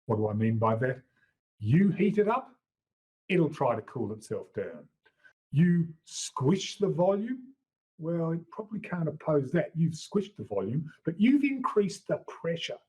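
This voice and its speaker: This is a middle-aged Australian man teaching a chemistry class to exam students. His voice is slightly husky, and his pitch jumps about a lot as he plays up each point with a teasing, jokey edge. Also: a little slow. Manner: lively, jokey teacher who swoops up for emphasis. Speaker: chemistry lecturer. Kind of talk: exam-prep lecture. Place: lecture room. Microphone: wearable mic.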